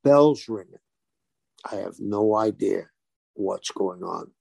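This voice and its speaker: Gravelly man telling a lively story. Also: lowish voice, slow pace, dry recording. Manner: animated storyteller who acts out quoted dialogue. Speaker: guest, former pro wrestler. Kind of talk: casual storytelling interview.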